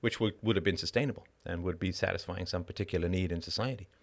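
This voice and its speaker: A man with a somewhat low voice hosts a live call-in show. He delivers a heated monologue, blunt and profane, full of rhetorical questions and sardonic asides. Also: fast, gravelly.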